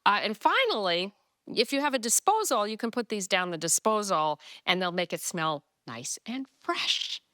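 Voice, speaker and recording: A woman's voice: mid-range voice, sing-song, normal speed, pushed and bright. A woman TV chef hosting a cooking show, explaining each step in a chatty, enthusiastic way from a studio kitchen on a lapel mic. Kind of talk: cooking demonstration.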